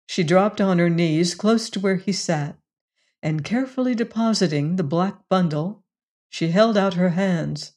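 A woman narrating an audiobook in a measured, deliberate storytelling manner. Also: fairly low pitch, a little mellow. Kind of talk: scripted narration.

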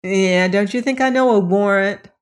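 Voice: medium pitch, moderate pace, smooth, natural voice. A reader doing a fierce, defiant young woman. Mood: uneasy, insistent. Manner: fierce, loud protesting. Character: defiant young woman under police pressure.

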